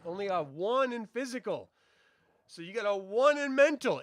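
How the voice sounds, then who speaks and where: A man's voice: sits high, sing-song, normal speed, a bit bright, dry recording, clean studio sound. A man running a tabletop game as game master, explaining rules and narrating the action.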